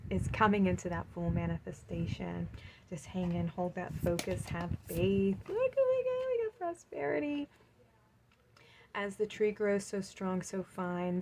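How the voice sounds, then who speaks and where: Gushing woman tarot reader, lowish voice. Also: noisy background. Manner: gushing, encouraging, reads card affirmations aloud. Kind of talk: pick-a-card reading.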